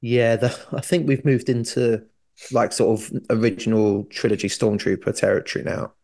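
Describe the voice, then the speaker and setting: A man's voice: mid-range voice, fairly even intonation, normal speed, vocal fry, darkish tone. A man co-hosting a podcast, chatting casually and jokily about a TV series, laughing often. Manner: jokey, laughs often, says "mate". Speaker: podcast co-host.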